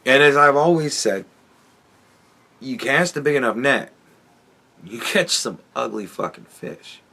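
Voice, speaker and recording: A man's voice: mid-range voice, expressive, a little slow, sharp tone. A man hosting a podcast, giving a sardonic, profanity-laced commentary monologue and chuckling often. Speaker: podcast host.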